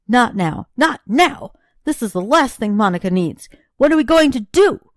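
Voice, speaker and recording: A woman's voice: big pitch swings, a little slow, no room sound, clean studio sound. A woman reading as a weary grieving young husband. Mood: desperate. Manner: lowered, tired voice, bursts into shouting.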